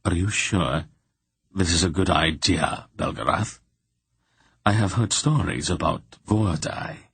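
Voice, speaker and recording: A man's voice: low voice, slow pace, a bit bright, slightly rough, no room sound, heavily acted. A man voicing a sly, courtly prince who speaks with wary politeness. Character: sly courtly thief prince, middle-aged.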